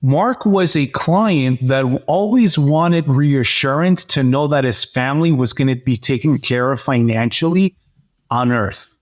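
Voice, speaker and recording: Guy telling his story on an interview, animated, stops and restarts a lot, mid-pitch voice. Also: a little slow. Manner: animated storyteller, acts out dialogue; hesitant fillers and restarts. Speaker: interview guest. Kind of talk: personal testimony in conversation.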